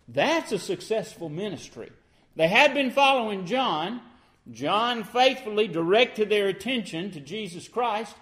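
A man's voice: high voice, a bit bright. A man, preaching as pastor and explaining scripture line by line in an earnest, plainspoken way. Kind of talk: sermon.

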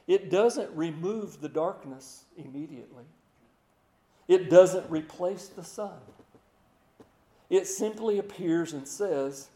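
Folksy male preacher, high-pitched, slows to quiet emphasis, reverberant church sound. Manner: folksy, repeats words, drops to slow hushed emphasis. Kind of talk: sermon.

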